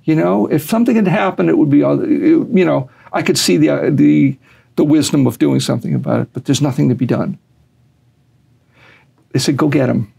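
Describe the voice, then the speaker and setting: Gravelly-voiced older man telling a story. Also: fairly high pitch, fairly quick. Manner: animated storyteller, acts out quotes, laughs. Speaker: interview guest, former boxing fixer. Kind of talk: storytelling in a sit-down interview.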